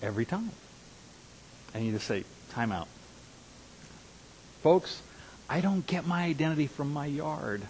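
A man in his fifties preaching a sermon as a pastor, earnest, dropping to hushed asides and rising to emphatic declarations. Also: a little high, animated, normal speed, pauses often, a little hiss or hum, rough recording. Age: 50s.

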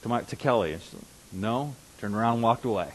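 A man's voice: fairly low pitch, rapid-fire, poor audio. A man preaching a conversational sermon as pastor, who repeats and restarts words and rises to emphatic bursts. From Russia. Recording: faint hiss.

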